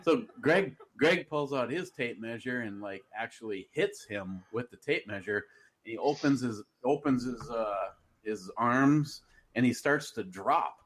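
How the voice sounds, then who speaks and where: A man co-hosts a casual radio chat. He rambles through stories and curses freely. His voice rises and falls across a wide range at an ordinary mid pitch. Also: expressive, a little slow, a bit bright. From Minnesota. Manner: rambling storyteller, swears freely.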